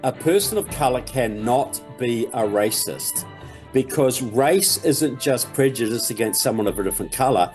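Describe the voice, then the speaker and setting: A man's voice: medium pitch, lively intonation, moderate pace, darkish tone, faint music behind. A man speaking as a guest on a talk show, explaining his points earnestly. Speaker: guest commentator.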